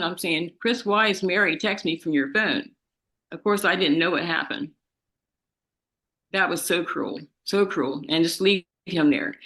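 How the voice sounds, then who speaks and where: Woman in courtroom, grieving relative, halting, accusing, bright, tense voice. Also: low voice. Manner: distressed, halting, rambling, accusing. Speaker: victim's relative giving an impact statement. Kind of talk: speaking to the defendant in court.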